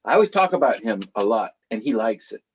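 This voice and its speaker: A middle-aged man telling stories to a live audience in an animated, chatty way, laughing now and then as he talks. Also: fairly low pitch, fast, husky, muffled recording. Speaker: author.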